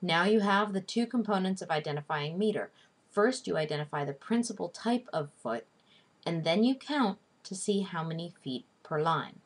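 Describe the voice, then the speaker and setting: A woman teaching a recorded lesson in a slow, deliberate, scripted way, spelling out each term. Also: on the low side, animated. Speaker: literature teacher. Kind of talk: scripted video lecture.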